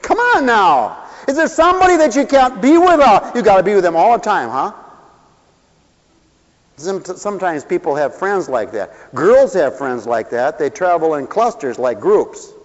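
A man preaching a humorous sermon with animated, theatrical storytelling in a large hall. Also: high-pitched, normal speed. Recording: dull sound with long hall reverb.

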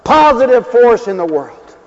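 An older man preaching a folksy, humorous sermon, swinging from quiet asides to loud exclamations. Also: extremely high pitch, big pitch swings, a little slow. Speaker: pastor. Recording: dull lo-fi sound with long hall reverb.

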